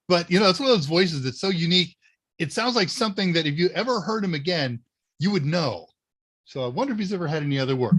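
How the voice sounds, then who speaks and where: A man's voice: fairly high pitch, fairly bright tone. A man hosting a live tech Q&A stream, chatting casually and answering viewer questions. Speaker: livestream Q&A host.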